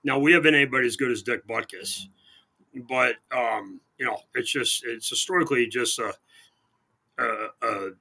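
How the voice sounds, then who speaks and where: A man's voice: medium pitch, moderate pace, vocal fry, bright, forceful tone. A man co-hosting a sports radio show, chatting casually and sarcastically, with lots of restarts. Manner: rambling, sarcastic, many restarts. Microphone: remote call-in line.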